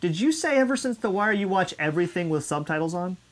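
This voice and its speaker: A podcast co-host who talks bluntly and swears freely. Their casual chat is animated, with a middle-pitched voice. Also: fast talker.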